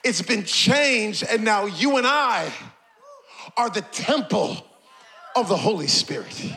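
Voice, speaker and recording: A male pastor preaching a passionate sermon, repeating phrases and building to shouts. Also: sits high, big pitch swings, slow, a little hiss or hum.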